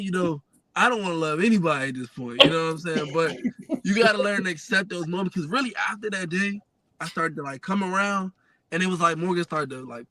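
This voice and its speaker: A young adult man telling a family story in a casual, animated way, full of fillers. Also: sits high, no echo. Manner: lively, animated retelling with many fillers. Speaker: guest sharing family story.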